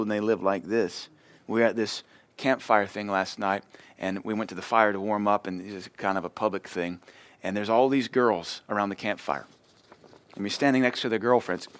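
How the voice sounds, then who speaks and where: This sermon comes from a man whose voice sits on the low side, recorded with no room sound. He preaches conversationally, stepping into short everyday exchanges and acting them out.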